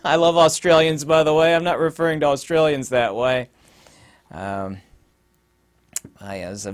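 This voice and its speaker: A man talking in a casual vlog monologue, rambling and halting with many fillers, turning emphatic and mocking on his points. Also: on the low side, smooth. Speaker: video host.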